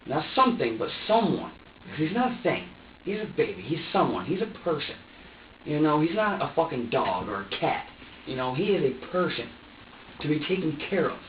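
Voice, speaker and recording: A suspect in an interrogation room vents in an agitated, profane rant, his slightly high voice moving in a sing-song way at normal speed. A distant mic captures dull, echoey room sound with a faint hiss or hum.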